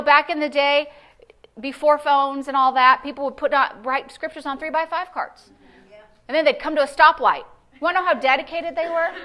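Bright high-voiced woman preaching a sermon. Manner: animated storytelling, acts out quoted voices, builds to emphatic declarations. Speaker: pastor. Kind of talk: sermon with personal testimony. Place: church sanctuary.

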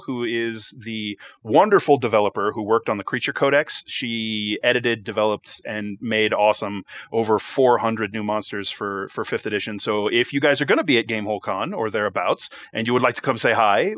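A man's voice: medium pitch, a bit bright, no echo. Game master man on a dull mic. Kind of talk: casual chat.

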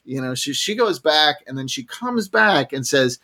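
A man's voice: fairly high pitch, a little slow, hardly any pauses. A man telling a story in a casual podcast chat, swearing freely, laughing often and acting out the people he quotes. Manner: profane, laughing, acts out quoted voices loudly. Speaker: podcast guest.

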